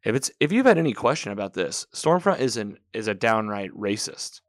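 A man's voice: lowish voice, sing-song, brisk, no echo, studio quality. A man casually recapping a TV episode, talking in a rambling way, correcting himself and quoting the characters as he goes.

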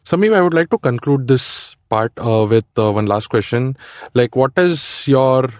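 A man's voice: mid-range voice, lively intonation, normal speed, a little mellow, dry recording, clean studio sound. A man hosting an interview, asking tentative, filler-laden questions. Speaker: podcast host interviewer.

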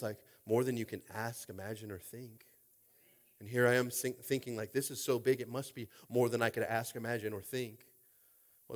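A man preaching a sermon as a pastor, informal and jokey, dropping to quiet talk and then rising to shouting. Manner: swings from quiet, low talk to loud shouting; informal, jokey, with repeated "are you with me?".

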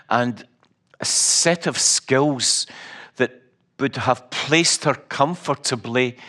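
Slow-spoken Scottish preacher. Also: male voice, mid-range voice, pushed and bright. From Scotland. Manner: storytelling, wry humor, emphatic repetition. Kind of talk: sermon.

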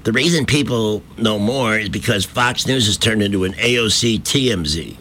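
A man's voice: lowish voice, normal speed, few pauses, pushed and bright, a little hiss or hum. A man hosting a talk radio show, delivering combative, mocking opinion commentary from a studio microphone.

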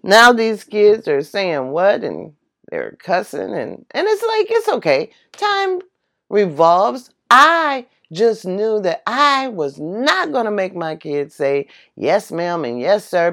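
A middle-aged woman telling a personal story in a casual monologue, emphatic and animated, laughing now and then. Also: mid-range voice, slow pace. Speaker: vlogger.

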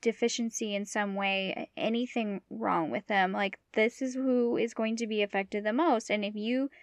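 A woman's voice: mid-range voice, fairly even intonation, normal speed, dry recording. A woman co-hosting a podcast in casual chat, talking bluntly and emphatically and swearing freely. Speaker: podcast co-host.

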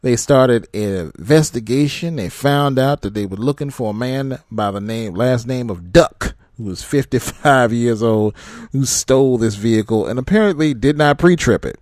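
A man's voice: mid-range voice, normal speed, darkish tone, no echo, clean studio sound. A man who drives trucks, ranting casually and profanely, often breaking into laughter. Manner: profane, rambling rant with frequent laughter. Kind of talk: casual rant to camera.

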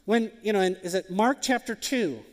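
A man's voice: high-pitched, normal speed, darkish tone, in a large hall. A man preaching a sermon as a pastor, emphatic and full of rhetorical questions.

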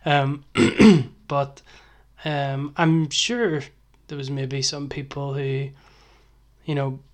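A man's voice: mid-range voice, steady tone, drawn-out words, crowd noise. A man co-hosting a skateboarding podcast, chatting in an easygoing, hesitant way. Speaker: podcast co-host. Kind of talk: casual chat. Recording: remote call recording.

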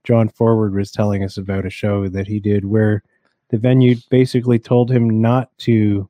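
A man appearing as a comedian guest on a casual radio talk show, playful and quick to interject. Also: on the low side, little pitch movement, mellow, no echo.

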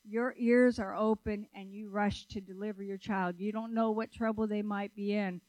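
A woman's voice: mid-range voice, moderate pace, dry recording, low-quality recording. Conversational woman preaching a sermon, dry sound. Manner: animated, conversational, asks the audience questions. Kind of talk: sermon with storytelling.

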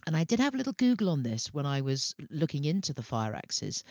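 Middle-aged woman podcast co-host, very animated pitch, dry voice, eager fact-reader. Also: fast talker, dry recording. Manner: enthusiastic, reads facts aloud. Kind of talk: casual podcast chat.

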